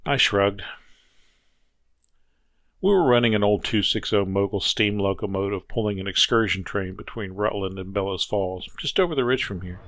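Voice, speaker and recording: Man, audiobook narrator, first-person story, measured, reflective, low voice, dry recording. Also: a bit bright, dry recording.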